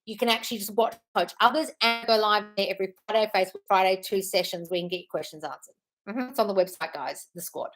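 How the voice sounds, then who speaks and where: A woman's voice: medium pitch, fast, a bit bright. A woman hosting a casual live stream, chatting in a scattered, apologetic way while answering viewer comments.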